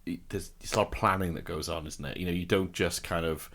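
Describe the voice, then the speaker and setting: A man hosting a podcast in casual chat, quick and enthusiastic, often agreeing. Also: low voice, fairly even intonation, fairly bright tone. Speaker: podcast host. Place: podcast studio.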